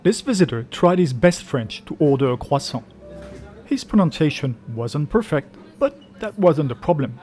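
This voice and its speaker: A man hosting a travel video, giving scripted narration in a lively, explanatory way with faint music behind. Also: a little high, moderate pace.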